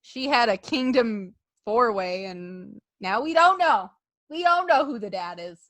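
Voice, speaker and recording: A woman co-hosting a casual wrestling podcast, animated and laughing, acting out others' lines in jokey voices. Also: a little high, measured pace, dry recording. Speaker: podcast co-host.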